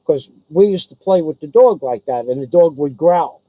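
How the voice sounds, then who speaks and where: A man's voice: fairly high pitch, lively intonation, moderate pace, no room sound, phone-quality sound. A man telling a casual personal anecdote, rambling and digressive with many restarts, blunt and salty in his talk. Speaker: storyteller.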